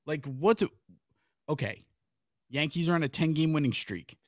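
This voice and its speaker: A man on a sports podcast rants with mounting, profane frustration, his higher-than-average voice climbing as he gets worked up. The sound is close and dry, with no room around it. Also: expressive, moderate pace, no echo. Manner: frustrated, profane ranting that builds to shouting. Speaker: podcast co-host. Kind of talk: casual sports podcast banter.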